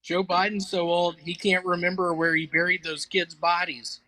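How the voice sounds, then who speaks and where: High, bright deadpan comic. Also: male voice, normal speed, no echo, rough recording. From Memphis, Tennessee. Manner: deadpan one-liners with hesitant fillers. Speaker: stand-up comedian. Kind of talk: one-minute stand-up set.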